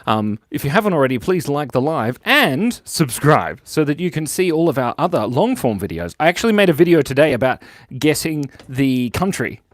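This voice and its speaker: Lively cheerful man chatting on a live stream. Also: on the high side, normal speed, no echo, studio quality. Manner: cheerful, chatty, thanks viewers constantly. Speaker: host of a live drawing stream. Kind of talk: live-stream chat while drawing. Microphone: clip-on lapel mic.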